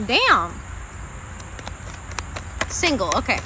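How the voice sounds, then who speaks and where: A woman's voice: on the high side, huge pitch swings, drawn-out words, pushed and bright, a little hiss or hum. A young woman giving live-stream tarot readings, chatty and casual, swearing freely and calling her viewers guys and babe. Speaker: tarot reader.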